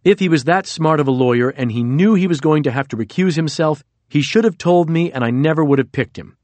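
A man's voice: mid-range voice, animated, fairly quick, darkish tone, no echo, close to an everyday voice. A man reading the lines of an irate older man in power, blunt and contemptuous, in a dry, close recording. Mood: angry. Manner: contemptuous, insistent.

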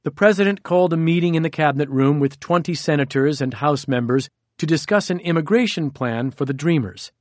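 A man narrating a nonfiction audiobook in a measured, steady reading. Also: fairly high pitch, no echo.

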